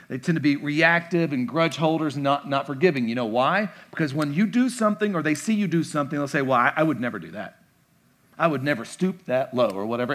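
A man's voice: fairly high pitch, fairly bright tone. A pastor delivering a conversational sermon, playfully acting out imagined replies from his listeners. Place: church sanctuary.

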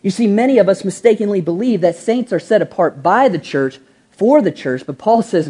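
A woman pastor delivers a lively sermon, full of rhetorical questions and slowed, stressed words. Her voice is dark and mellow with a husky edge. She slips into everyday voices when quoting people. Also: medium pitch. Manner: animated preaching, rhetorical questions, stretching key words; acts out quoted voices in an everyday tone.

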